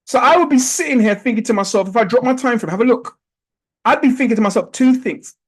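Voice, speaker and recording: A man with a notably high voice walks students through a chart in a live online trading class. He coaches by repeating key points and asking rhetorical questions, heard through a video-call mic. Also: fast, poor audio. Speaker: trading instructor.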